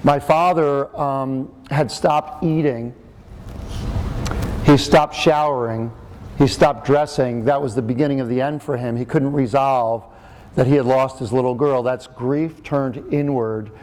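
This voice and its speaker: A man's voice: mid-range voice, darkish tone, slight background noise. A middle-aged man giving a talk, telling a personal story in a chatty, joking way with frequent fillers and restarts. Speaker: speaker and author.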